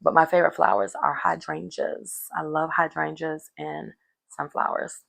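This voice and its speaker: A woman's voice: sits low, little pitch movement, normal speed, gravelly, a bit bright. A woman recapping a reality show in a rambling, chatty way, full of fillers. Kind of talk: casual recap chat.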